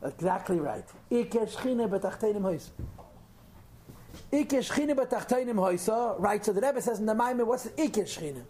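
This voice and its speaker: A man's voice: high-pitched, expressive, moderate pace, mellow, slight background noise. A man leading a text lesson for a small group. He explains carefully, stresses key terms and makes dry, self-mocking asides. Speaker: teacher of a Hasidic text class.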